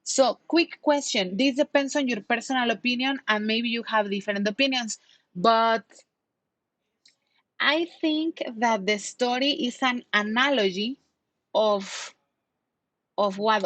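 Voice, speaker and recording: Speaking slowly, this Mexican English teacher patiently guides an online class, defining words and quizzing her learners. Her voice sits fairly high, and the audio is dry and recorded close to the microphone.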